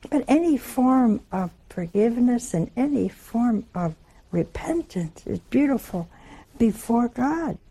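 A woman giving a sermon, telling homely stories with humor and slow, drawn-out emphasis. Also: a little high, expressive, mellow. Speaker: religious speaker.

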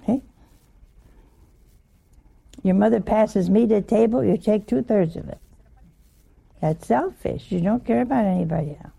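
An older woman gives a homey, informal sermon at an unhurried pace. Her voice is gravelly and mellow, and she keeps asking her listeners questions and laughing along with them. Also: mid-range voice. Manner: chatty, asks the listeners questions, laughs often. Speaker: religious teacher.

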